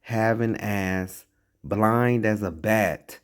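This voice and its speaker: Slow, blunt, profane male commentator. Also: fairly low pitch, clean tone. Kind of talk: reaction commentary on a clip.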